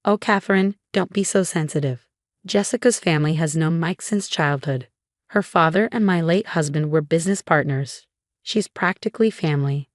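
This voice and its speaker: A woman's voice: sits low, moderate pace, no room sound, studio quality, natural voice. A woman reading as a snobbish, condescending mother-in-law. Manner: dismissive, falsely sweet.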